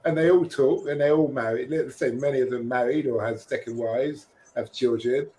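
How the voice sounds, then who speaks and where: A man's voice: mid-range voice, normal speed, low-quality recording. A man, talking animatedly and jokingly in a casual podcast discussion. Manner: animated, jokey, slips into quoted voices. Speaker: podcast co-host.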